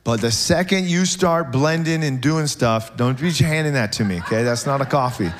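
A man preaching a sermon in church, animated and joking with the congregation, often checking in with "okay?". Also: mid-range voice, moderate pace, slight background noise. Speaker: pastor.

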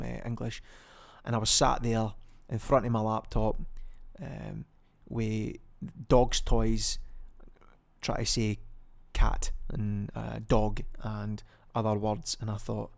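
On his own casual podcast, a young Scottish man rambles, ums frequently, and keeps correcting himself. His voice is on the low side with vocal fry.

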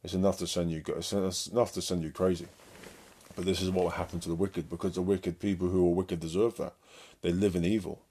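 A man's voice: sits low, little pitch movement, brisk, dark tone, breathy edge. A man preaching as an evangelist in a blunt, combative monologue to his listeners.

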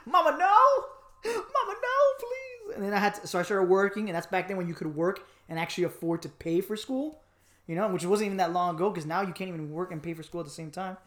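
A man from Miami telling a personal story in a casual podcast chat, animated and joking, with lots of fillers. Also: high-pitched, quick pace. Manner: animated, joking, acts out voices, many fillers. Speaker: podcast co-host.

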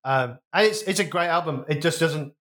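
A man's voice: a little high, normal speed, a bit bright. A man co-hosting a casual music review chat, thinking aloud with many restarts. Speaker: podcast co-host.

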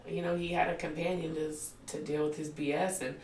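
This interview guest, a woman in her forties, speaks in a low-pitched, fairly quick voice against slight background noise. She candidly narrates her life, laughing frequently and acting out what others said, and the roomy recording comes from a distant mic with faint ambience.

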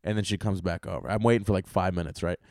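A young man hosting a solo podcast, telling rambling, profane comic stories with bursts of loud excitement. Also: sits low, fast, creaky, no echo, studio quality. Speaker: podcast host and stand-up comedian.

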